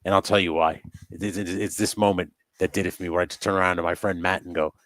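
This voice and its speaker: A man hosting a casual livestream chat, swearing freely, laughing often and telling stories with excitement. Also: deep voice, fast talker, no echo, studio quality. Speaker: host.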